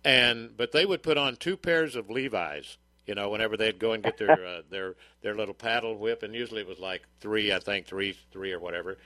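A man's voice: lowish voice, fairly quick, hardly any pauses, bright, forceful tone, no room sound. An older man hosting a radio talk show, chatting in a rambling, folksy way with plenty of fillers.

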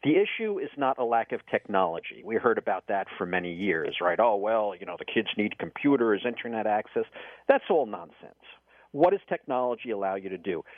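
A man in his fifties from New York City argues his point on a radio talk show, forceful and emphatic. His pitch rises and falls widely. The sound is dry and tinny, as if it comes over a phone line. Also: no room sound. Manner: forceful, emphatic, dismissive of opposing views.

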